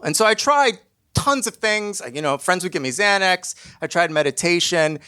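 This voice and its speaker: Bright-voiced comic storyteller man. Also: on the high side, fairly quick, clear, resonant tone. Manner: self-deprecating, comic, lively delivery. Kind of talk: humorous personal story told on stage.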